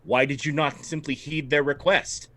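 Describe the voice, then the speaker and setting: A man doing a preachy young priest in his twenties, stern and self-righteous, speaking with a bright, fairly high voice. He lectures in indignant tones during a tabletop game. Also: steady tone, normal speed, lightly acted. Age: 20s.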